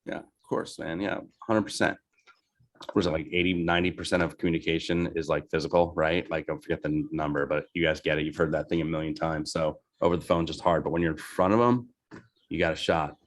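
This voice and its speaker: A man's voice: extremely low pitch, fairly even intonation, fairly quick. A man leading a casual team training on sales calls, loose and chatty, often asking "right?" and with a New Jersey accent. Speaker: real estate team leader.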